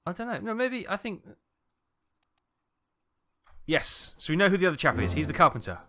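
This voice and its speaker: A man's voice: high voice, very animated, moderate pace, pushed and bright. Welsh man thinking aloud while gaming. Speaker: game streamer. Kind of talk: rambling let's play commentary. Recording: voice over game music. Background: game music.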